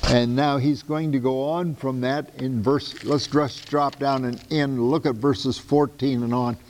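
A man preaching a Bible-teaching sermon, reading verses aloud and breaking in with his own asides, swinging between loud and soft. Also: medium pitch, fairly even intonation, unhurried, a little hiss or hum. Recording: long reverb of a large hall.

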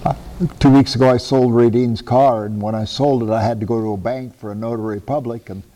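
Older Midwestern man teaching Bible, mellow. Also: medium pitch, fairly even intonation, fairly quick, big-room sound, slight background noise. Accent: Midwestern American. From American Midwest. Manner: conversational, takes questions, chuckles at himself. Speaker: pastor teaching a class. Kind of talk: Bible teaching to a small group.

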